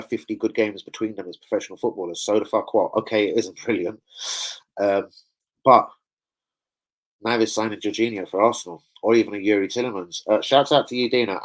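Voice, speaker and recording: A man's voice: fairly low pitch, low-quality recording. A man hosting a football fan live stream, swearing heavily and bantering with slang as he reads the chat. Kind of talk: casual live-stream rant reading chat.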